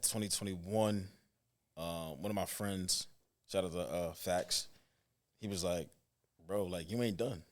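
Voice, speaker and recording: A man in his twenties, a football coach, talking casually and telling stories in slang on a podcast. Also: low-pitched. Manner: loose, slangy storytelling, animated when imitating parents. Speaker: football coach and trainer, guest.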